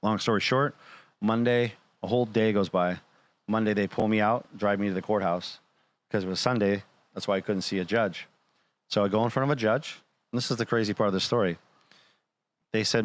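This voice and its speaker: Man, lowish voice, animated storyteller who voices the people he quotes, blunt and profane. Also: a little fast, long pauses. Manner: animated retelling, acting out quoted dialogue; blunt, swears freely. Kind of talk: casual storytelling.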